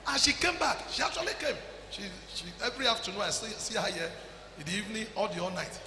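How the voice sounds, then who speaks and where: High, bright-voiced Nigerian preacher in a hall. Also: male voice, big pitch swings, fast, a little hiss or hum. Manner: exhorting, calls people forward, shouts at peaks. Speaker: pastor. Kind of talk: sermon.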